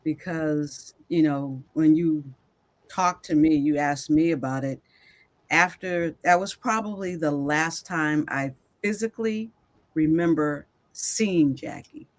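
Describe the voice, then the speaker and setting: Soft-spoken reflective woman. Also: sits low, takes it slowly. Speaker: podcast co-host, mother of guest. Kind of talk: reflective conversational talk.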